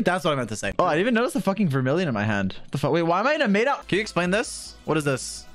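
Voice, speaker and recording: Young guy streaming, talks kinda high, swings all over the place, cussing at chat. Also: quick pace, a little hiss or hum. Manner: animated, swearing, bantering with chat. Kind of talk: casual livestream chat.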